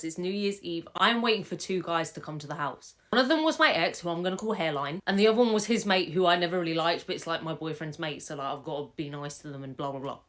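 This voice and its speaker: A young woman telling a story from her own life in a casual, animated way, laughing and swearing now and then. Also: fairly low pitch. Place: home room with fairy lights.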